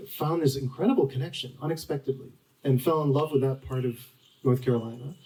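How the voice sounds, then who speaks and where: A man in his forties tells stories as the guest at a bookstore event. He rambles, with lots of "like" and restarts, in a dark, mellow tone. The mic sits at some distance. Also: mid-range voice. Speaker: author guest. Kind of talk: storytelling at a live book talk.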